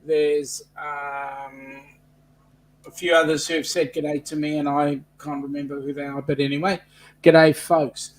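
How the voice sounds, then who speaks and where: A man's voice: a little high, little pitch movement, measured pace, low-quality recording. An Australian man chatting breezily and chummily in a casual group video chat.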